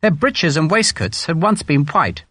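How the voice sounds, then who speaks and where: A man narrating a historical war novel in a measured, expressive reading. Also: on the high side, husky, no room sound. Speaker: audiobook narrator. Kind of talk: scripted narration.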